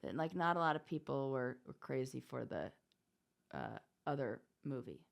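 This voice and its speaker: A woman co-hosting a podcast in casual chat, expressive and quick to exclaim. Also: a bass voice, creaky. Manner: expressive, exclaims and reacts openly. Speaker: podcast co-host.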